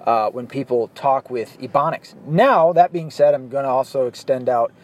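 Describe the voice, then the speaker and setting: This profane, outspoken Arkansas vlogger rants at the camera from inside his moving car. He speaks expressively at a moderate pace in a mid-range voice, while faint road and car noise hums behind him.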